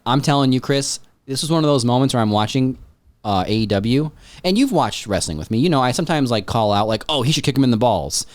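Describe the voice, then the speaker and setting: Rambling, excitable male podcast host. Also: medium pitch, fast talker, dry recording. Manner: rambling, excitable, swears freely. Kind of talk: casual chat.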